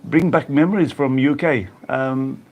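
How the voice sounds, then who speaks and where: A man's voice: medium pitch, unhurried, a little mellow. An English man hosting a casual live-stream chat, greeting viewers by name and laughing often as he chats. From England. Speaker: YouTube host reading live chat.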